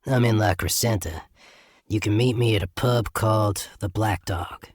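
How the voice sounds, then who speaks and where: Brief: man playing a rough-voiced, suspicious tough guy, curt and grunting, low and husky, dry sound. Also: normal speed, a little mellow, no room sound. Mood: gruff. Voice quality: rough, gravelly. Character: gruff, wary middle-aged man on the phone.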